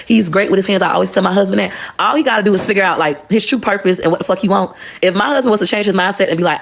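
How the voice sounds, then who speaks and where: Blunt, profane woman with a gravelly voice. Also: medium pitch, racing, few pauses. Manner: blunt, profane, animated storytelling. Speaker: livestreamer. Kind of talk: casual livestream monologue.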